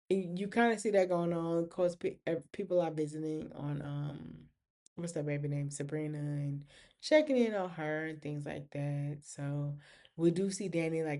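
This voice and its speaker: A woman, hosting a casual TV recap talk and acting out characters' lines. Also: on the high side. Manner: animated, acts out characters' lines. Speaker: podcast host.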